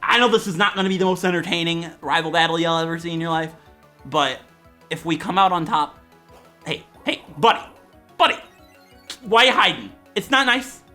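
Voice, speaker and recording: A man commentating a video game from home with a bright, forceful voice that keeps jumping into excited shouting. He jokes with his viewers between outbursts while faint game music plays underneath. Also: fairly high pitch, normal speed, pauses often. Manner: loud, jokey, swings into shouting. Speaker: Let's Play host.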